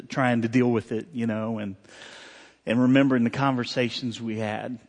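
Male pastor, mid pitch, earnest conversational sermon delivery, long hall reverb. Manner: conversational, heartfelt, many fillers and restarts. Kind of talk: sermon storytelling.

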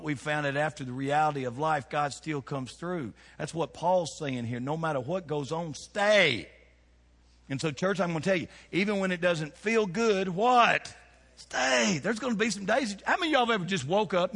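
A middle-aged man preaching a folksy, animated sermon, firing rhetorical questions at his congregation. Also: a little high, moderate pace, husky. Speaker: pastor. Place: church sanctuary. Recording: long reverb of a church hall.

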